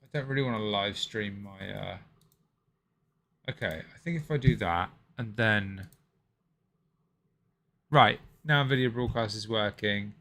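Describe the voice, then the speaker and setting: A man's voice: fairly low pitch, unhurried, pauses often, fairly bright tone. A man hosting a live stream, chatting casually with viewers, muttering and swearing to himself and then apologizing. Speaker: livestream host.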